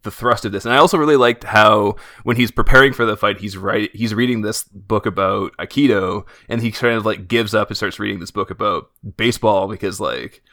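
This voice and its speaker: Young man, podcast co-host, low-ish and bright voice, rambling, lots of fillers, dry close sound. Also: fairly quick, hardly any pauses, no echo. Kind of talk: casual chat about an anime.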